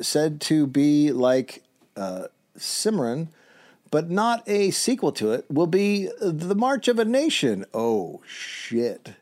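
A man's voice: a little high, a little mellow. A man hosting a comedy podcast, reading old newspaper stories aloud and breaking off with wry comments. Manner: reads aloud with wry asides. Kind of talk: reading aloud and casual chat.

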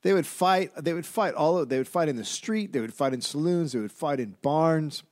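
A man's voice: a little high, normal speed, a little mellow, no room sound. A man co-hosting a comedy history podcast, telling the story from his research notes with dry asides and frequent "uh"s. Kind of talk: casual comedic history chat.

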